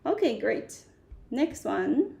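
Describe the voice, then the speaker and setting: A woman teaches a live beginner language class online, patiently repeating each word. Her voice sits a little high, with a gravelly fry running through it. She talks at a slow, deliberate pace. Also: very animated, mellow. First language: Chinese. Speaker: Chinese teacher.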